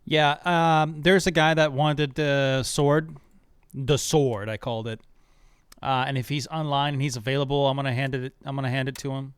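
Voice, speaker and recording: A young man streaming a game, chatting casually, excitable and swearing a lot as he rambles. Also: mid-range voice, moderate pace, clear, resonant tone, no echo, clean studio sound. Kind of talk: casual gaming stream chat.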